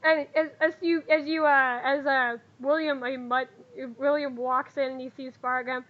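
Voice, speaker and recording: A woman's voice: high voice, flat delivery, normal speed, dull audio. A woman running a tabletop game as game master, narrating casually with halts and restarts.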